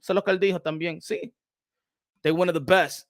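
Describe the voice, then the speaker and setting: A man hosting a boxing channel, giving animated livestream commentary, switching between English and Spanish and repeating phrases for emphasis. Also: high-pitched, fast talker, dry recording, clean studio sound.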